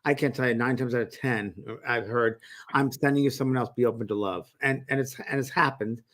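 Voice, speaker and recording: A man with a middle-range voice co-hosts a casual show as a medium. He speaks in a relaxed, agreeable way, and his sentences loosely wander. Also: mid-range voice, brisk. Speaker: co-host, medium. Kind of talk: casual chat.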